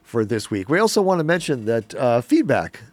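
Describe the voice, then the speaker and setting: A man's voice: medium pitch, sing-song, moderate pace, dry recording. A man hosting a community radio show, chatting in a rambling, jokey way with many restarts. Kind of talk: casual chat on community radio.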